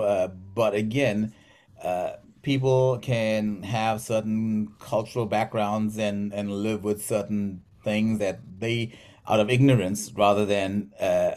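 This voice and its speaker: Thoughtful South African man, lowish voice. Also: a little mellow. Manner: thoughtful, many fillers and restarts. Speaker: physical therapist, podcast guest. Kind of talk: conversational interview.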